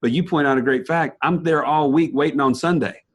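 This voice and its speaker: A man's voice: on the high side, fairly quick. A man hosting a podcast interview, encouraging and drawing out his guest's point. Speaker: podcast host. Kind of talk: casual interview.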